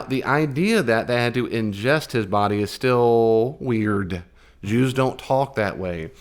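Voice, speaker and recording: Man giving a rambling Bible lesson. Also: on the low side. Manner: conversational and digressive, with emphatic asides. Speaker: Bible teacher.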